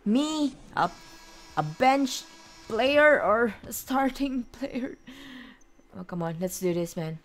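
A woman's voice: a little high, expressive, slow pace, long pauses, slight background noise. A woman commenting on her own basketball video game, frustrated and exclaiming at the plays. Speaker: gamer. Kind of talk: let's play commentary.

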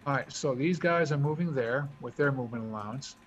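A man talking through his moves as he explains a board game, thinking out loud in a casual way. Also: medium pitch, brisk. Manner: chatty, thinks aloud while moving pieces. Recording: dull lo-fi recording with faint hiss.

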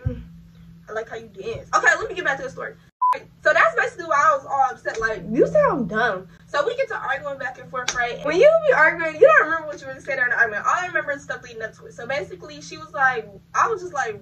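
A young adult woman telling a story casually to her viewers while she does her hair, animated and profane. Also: high voice, fast talker, distant mic, noisy background. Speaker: vlogger.

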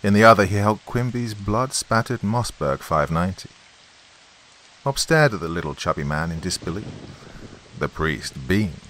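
A man with a low voice reads a horror story aloud as host. His telling is dramatic and lively, leaning into each scene. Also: moderate pace, rough recording. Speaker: host and narrator.

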